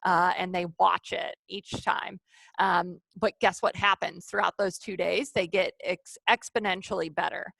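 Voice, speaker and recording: A woman's voice: fairly low pitch, steady tone, measured pace, vocal fry, fairly bright tone, no echo. Woman trainer on a video call, upbeat, coaxing folks along, dry close sound. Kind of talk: live online training session.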